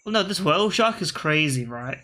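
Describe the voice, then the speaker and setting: A man with a slightly high, bright and forceful voice thinks aloud through a video game match. He rambles casually, corrects himself mid-sentence and chats to his own game pieces as if they were teammates. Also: expressive, fairly quick. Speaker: gaming video host. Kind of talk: casual gameplay commentary.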